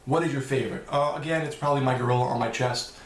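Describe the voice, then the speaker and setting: A man's voice: medium pitch, steady tone, quick pace, roomy sound. A man answering viewer questions in a loose, rambling vlog, swearing now and then. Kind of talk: casual Q&A vlog.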